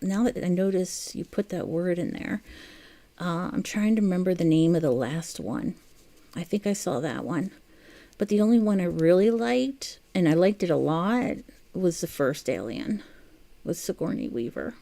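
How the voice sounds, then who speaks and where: A woman's voice: fairly low pitch, lively intonation, moderate pace, creaky, mellow. A woman chatting casually while she crochets on a livestream, reading out viewer comments, chatty and easily amused. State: has the hiccups.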